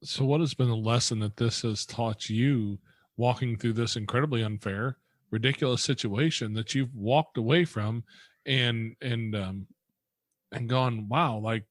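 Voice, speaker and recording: A man's voice: medium pitch, dry recording. Guy hosting a podcast, supportive, long questions, dry close mic. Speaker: podcast host. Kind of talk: conversational interview.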